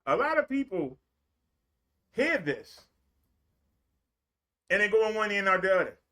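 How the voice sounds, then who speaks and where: Very high-pitched male preacher. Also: big pitch swings, a little slow, pushed and bright. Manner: repetitive, colloquial, vivid storytelling. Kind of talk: streamed sermon.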